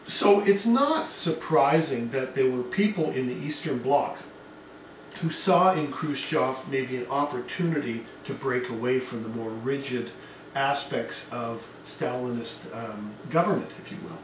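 A man's voice: medium pitch, animated, measured pace, a little hiss or hum. A man giving a casual history lecture to a class, talking in a conversational way with asides and fillers. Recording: echoey room, mic at a distance.

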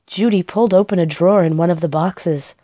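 Woman gently reading a children's story. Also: fairly low pitch, a little fast, no echo. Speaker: storybook reader. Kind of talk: reading a children's book aloud.

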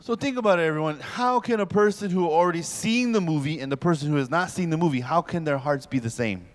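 A man in his forties gives a pastor's morning lecture to a youth camp. His voice sits a touch high, and he tells comic stories with lively, animated delivery, acting out little scenes as he goes. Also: fast. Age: 40s.

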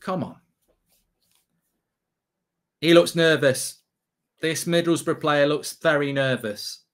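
A man giving excitable, sweary live reaction commentary as a streamer, half talking to himself. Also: fairly high pitch, slow pace.

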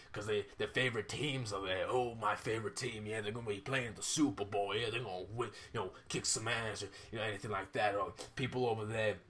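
A man's voice: lowish voice, pushed and bright. A man ranting on his vlog, swearing often and sounding fed up as he talks to the camera. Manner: profane, exasperated ranting. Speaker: vlogger.

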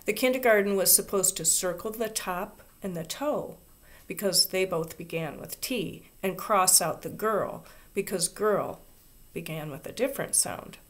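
A woman reading a children's chapter book aloud in a soft, expressive, unhurried voice. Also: mid-range voice. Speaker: reader. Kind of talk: storybook read-aloud.

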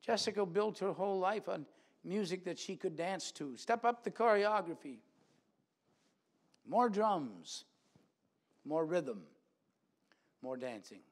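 A man preaching a sermon in a church, animated, acting out quoted voices with big swings in loudness. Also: sits high, slow pace, pauses often.

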